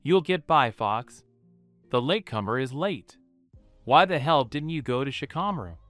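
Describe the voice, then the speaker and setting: A man voicing a bossy, sharp-tongued young kunoichi woman, curt and scornful. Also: mid-range voice, lively intonation, moderate pace, no echo, soft background music, natural voice.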